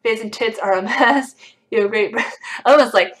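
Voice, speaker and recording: A woman's voice: on the high side, moderate pace, rough recording. A young woman hosting a casual livestream, reading comments aloud with a dry, sarcastic edge.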